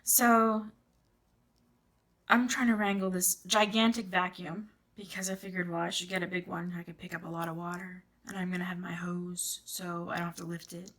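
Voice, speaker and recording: A woman and mother chatting casually to her viewers as she crafts, expressive and given to rambling asides. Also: lowish voice, moderate pace. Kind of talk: casual chat while crafting.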